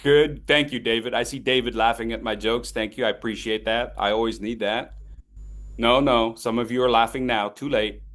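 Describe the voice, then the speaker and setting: A man coaching public speaking on a video call, teasing his students by name and stressing his words slowly as he teaches. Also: medium pitch, steady tone, fairly bright tone. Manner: playful, teasing participants by name; slow, deliberate emphasis when teaching. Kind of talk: online voice workshop.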